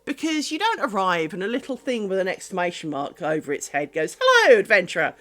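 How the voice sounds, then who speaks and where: A craft streamer chats live from her home craft room into a desk microphone, her medium-pitched voice sing-song and fairly quick. She's casual and wry, pokes fun at herself and talks to her pets.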